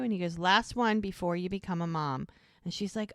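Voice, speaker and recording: A woman's voice: on the low side, a little fast, no room sound, clean studio sound. A woman co-hosting a casual podcast, retelling a TV episode scene by scene and acting out the characters' lines. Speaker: podcast co-host. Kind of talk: casual rewatch podcast recap.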